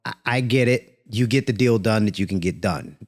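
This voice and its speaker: A man's voice: fairly low pitch, moderate pace. A man co-hosting a podcast in casual chat, laughing easily and dropping joking asides. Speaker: podcast co-host.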